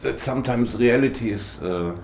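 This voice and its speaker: A man's voice: mid-range voice, moderate pace, darkish tone, slight background noise. Man telling a joke with acted voices. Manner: tells jokes with acted voices, tags sentences with "no?". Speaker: spiritual teacher guest. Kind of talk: casual storytelling.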